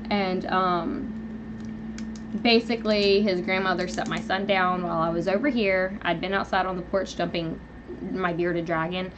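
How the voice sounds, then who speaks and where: A young woman hosting a live stream from home, rambling through an animated personal story with lots of fillers. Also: medium pitch, unhurried, lo-fi sound, noisy background. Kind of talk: casual venting live chat. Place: at home, indoors.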